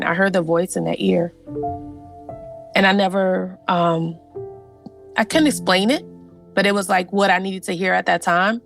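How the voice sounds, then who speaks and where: A middle-aged woman, animated and heartfelt, telling personal family stories with many fillers. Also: lowish voice, vocal fry. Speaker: guest genealogist. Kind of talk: personal storytelling.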